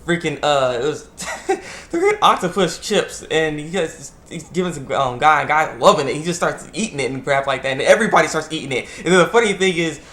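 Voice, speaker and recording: Man, slightly high voice, casual video review, rambling, excitable, laughs a lot. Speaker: anime reviewer.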